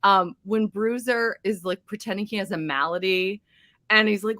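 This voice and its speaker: A woman in casual chat with a book group, animated and laughing often. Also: mid-range voice, moderate pace, no room sound, clean studio sound. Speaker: book club member.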